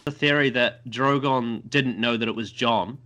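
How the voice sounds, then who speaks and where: A man in a casual podcast chat, rambling through a TV plot with lots of fillers and mocking quick impressions of the characters. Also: mid-range voice, fairly even intonation, sharp tone, soft background music.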